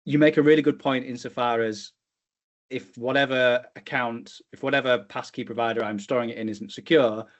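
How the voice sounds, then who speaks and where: A man's voice: mid-range voice, highs cut off. A man co-hosting a tech podcast, explaining things in a casual way with lots of fillers and restarts. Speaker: podcast co-host.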